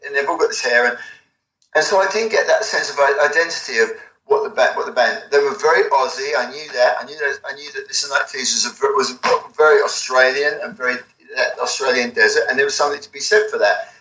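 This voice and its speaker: A middle-aged man telling a rambling, animated story in an interview, swearing freely. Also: medium pitch, quick pace. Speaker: album cover designer, guest. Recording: echoey room.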